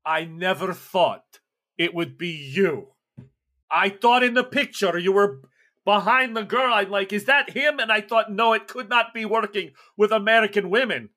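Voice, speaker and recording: A man's voice: sits high, normal speed, pushed and bright, voice pushed up. A man voicing a slick, jovial smuggler who talks in broken English for a tabletop game. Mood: urgent.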